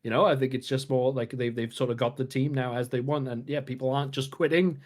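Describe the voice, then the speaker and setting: A man's voice: mid-range voice, fairly even intonation, quick pace. A man co-hosting a gaming podcast, walking through game strategy in casual chat with frequent restarts and fillers. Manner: explains at length, many filler restarts. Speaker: podcast co-host.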